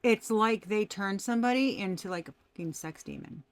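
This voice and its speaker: A woman's voice: medium pitch, brisk, dry recording. A woman giving a casual tarot reading, talking animatedly, laughing often and swearing freely. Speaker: tarot reader.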